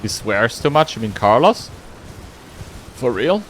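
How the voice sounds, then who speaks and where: A man's voice: mid-range voice, big pitch swings, unhurried, a little hiss or hum. A man streaming a game, chatting casually with his viewers, reading chat and humming between lines. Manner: playful, reads chat aloud, hums and sings nonsense. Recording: faint music behind.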